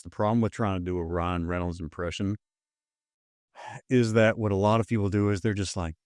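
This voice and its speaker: A man's voice: lowish voice, normal speed, darkish tone, dry recording, clean studio sound. A man co-hosting a podcast in casual comedic chat. He is blunt, sarcastic and swears a lot. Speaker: podcast co-host.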